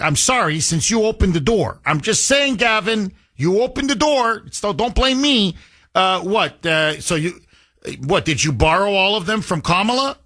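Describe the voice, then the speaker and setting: A man with a high, bright voice hosts a political talk radio show, firing off combative, sarcastic commentary in a rapid-fire, forceful tone straight into a studio mic, with no echo.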